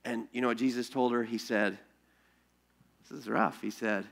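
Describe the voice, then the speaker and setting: A man preaching a sermon as pastor, telling stories in an animated way with rhetorical questions and frequent restarts. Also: medium pitch, moderate pace, vocal fry.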